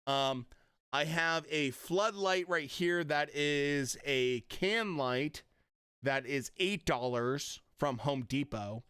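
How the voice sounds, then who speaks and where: A man's voice: on the high side, takes it slowly, fairly bright tone, clean tone, no room sound, clean studio sound. A man chatting casually on a live stream from his home setup, blunt and profane, getting riled up. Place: home streaming room with lit panel backdrop.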